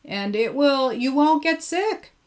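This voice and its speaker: A woman's voice: high-pitched, expressive, slow pace, a little mellow. A woman hosting a casual live interview, chatty and enthusiastic, often laughing. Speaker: host.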